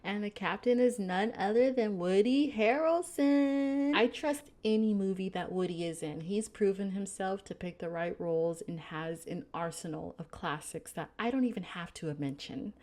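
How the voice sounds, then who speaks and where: A woman hosting a casual film breakdown, chatty and animated with frequent laughter. Her voice sits in a middle register, easygoing and conversational. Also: medium pitch, normal speed. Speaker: film reviewer, channel host. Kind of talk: casual film review narration.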